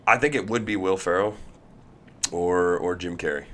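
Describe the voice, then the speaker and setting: Animated storytelling man, low voice. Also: normal speed. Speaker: podcast guest. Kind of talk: casual storytelling chat.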